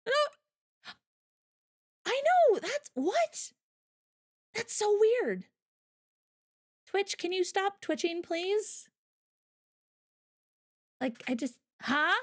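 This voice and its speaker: A woman's voice: extremely high pitch, big pitch swings, extremely slow, long pauses. A young Canadian woman with a Canadian accent, hosting a casual livestream chat in a giggly, rambling way full of fillers. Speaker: livestream host.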